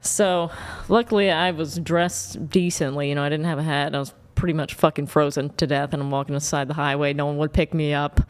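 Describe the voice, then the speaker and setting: A young woman from Oklahoma recounts a story in a blunt, animated way, swearing freely. Her voice is smooth and clear. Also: deep voice, fairly quick, hardly any pauses. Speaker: dating show guest.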